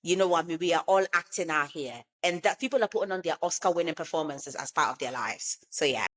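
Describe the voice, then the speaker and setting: A woman's voice: low voice, fast, a bit bright. A woman in casual podcast chat, who repeats words for emphasis. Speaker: podcast co-host.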